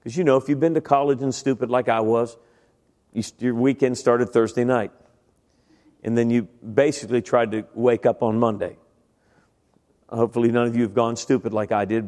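A man's voice: mid-range voice, a little mellow. A middle-aged man preaching a sermon, telling his own testimony in a conversational way and speaking directly to the congregation. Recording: long reverb of a large hall.

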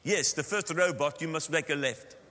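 A man's voice: fairly high pitch, moderate pace, pushed and bright. Man putting on an Afrikaans South African accent, blunt local, impatient, matter-of-fact, long hall reverb. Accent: Afrikaans South African English.

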